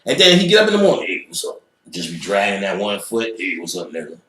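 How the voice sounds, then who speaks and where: A low-pitched man with a sharp tone and huge pitch swings races through a profane interview story, full of energy as he acts out voices and sound effects. The audio carries a roomy echo.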